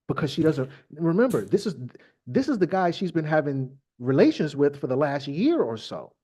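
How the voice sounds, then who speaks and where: A man hosting a podcast, reading Bible verses aloud and riffing on them in slangy, irreverent comic asides, often halting on fillers. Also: fairly high pitch, husky. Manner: irreverent, slangy, animated storytelling. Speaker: podcast host.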